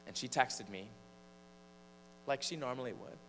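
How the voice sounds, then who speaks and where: In an unhurried mid-range voice, a preacher-singer from Michigan shares a personal tale from the pulpit of a large church, telling it with animation and growing suspense. Long reverb fills the space, with a faint mains hum in the background.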